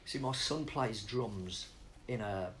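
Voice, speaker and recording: A man's voice: fairly low pitch, takes it slowly, a bit bright, a little hiss or hum, rough recording. A middle-aged man rambling off on tangents in a casual interview, swearing freely as he talks about spoken word.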